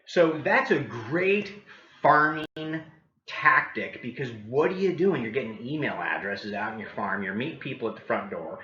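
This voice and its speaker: An upbeat man coaching agents, his voice bright and forward. He keeps checking in with the listeners. The sound is roomy and a little dull. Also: mid-range voice, animated, normal speed. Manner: upbeat, keeps asking "right?". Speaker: real estate coach. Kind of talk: training talk with role-played doorstep scripts.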